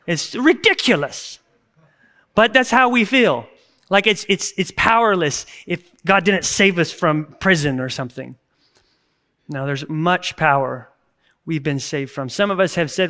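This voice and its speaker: A man in his thirties preaches a church sermon with a fairly high voice. He talks in an earnest, conversational way, and now and then breaks into sudden emphatic bursts. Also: expressive, measured pace, bright, forceful tone. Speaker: pastor. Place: church service recording.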